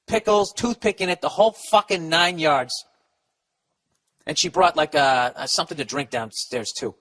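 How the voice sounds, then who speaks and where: This comedy podcast host has a fairly high, slightly bright voice. He answers listener letters he stumbles through reading aloud, offering blunt advice in a profane, rambling, casual rant.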